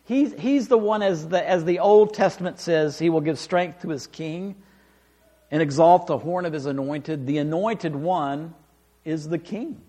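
A man preaching a sermon, reading scripture aloud and explaining it with emphatic, animated delivery. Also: a little high, unhurried. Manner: animated, rising and falling for emphasis, acts out quoted lines.

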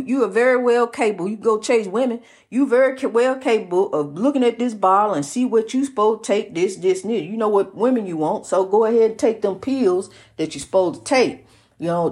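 A woman's voice: medium pitch, darkish tone. A woman talking straight to camera in a personal testimony, preachy and repetitive, often calling the listener honey. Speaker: vlogger.

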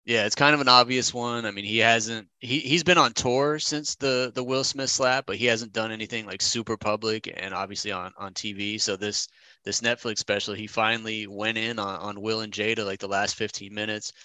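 An easygoing man co-hosting a podcast over a call. His voice sits a bit low but has a bright, forceful edge. The sound is dry and close. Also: fairly even intonation, moderate pace, no echo. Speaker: podcast co-host. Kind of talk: casual podcast chat. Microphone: remote call mic.

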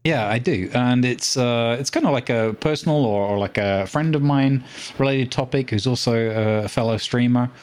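A man co-hosting a podcast in casual chat, talking hesitantly with many pauses and restarts. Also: mid-range voice, darkish tone. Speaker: podcast co-host.

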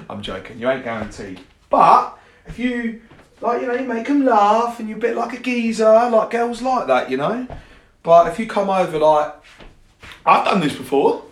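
A man's voice: high voice, animated, measured pace, pauses often. A young man, a coach, talking casually and bluntly on a podcast, swearing and joking at his own lines. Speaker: fitness and confidence coach. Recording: echoey room.

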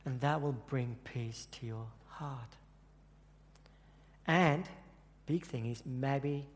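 This church speaker has a gravelly, mid-range voice with a darkish tone. Sharing a personal story in his sermon, he speaks earnestly but haltingly, often starting sentences over. The hall echoes with a long reverb.

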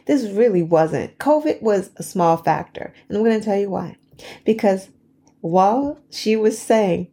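Mellow-voiced woman hosting a chatty podcast. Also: mid-range voice, animated. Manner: chatty, laughs between phrases, dramatic pauses. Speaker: podcast host. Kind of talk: casual storytelling monologue.

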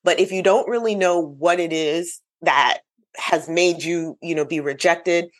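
Low-voiced woman author, earnest. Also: unhurried. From United States. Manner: thoughtful, earnest, laughs easily. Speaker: author guest. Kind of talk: casual interview conversation.

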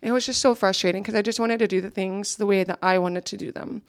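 A woman's voice: medium pitch, steady tone, fast, no room sound, clean studio sound. A young woman giving an earnest, reflective personal testimony to a gathering, now and then checking her notes.

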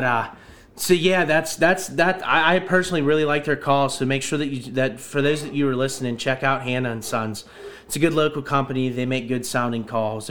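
A man's voice: medium pitch, fairly bright tone, a little hiss or hum. A man hosting a casual hunting podcast chat, rambling and restarting his sentences. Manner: rambling, repeats words as he restarts.

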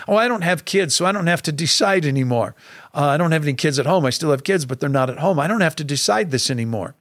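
Middle-aged male pastor, slightly high voice, earnest and emphatic, podcast talk, dry close mic. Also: a bit bright, no echo. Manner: earnest and emphatic, preacher cadence.

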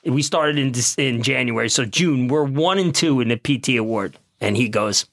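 A man, a police officer guest on a studio podcast, telling profane, laughing anecdotes in a casual, animated way. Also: medium pitch, fairly quick.

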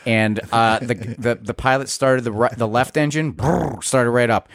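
A man's voice: mid-range voice, moderate pace, smooth, dry recording. Chatty male interviewer, dry sound. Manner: chatty, jumps in with his own anecdote. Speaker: interviewer, host. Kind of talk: casual chat.

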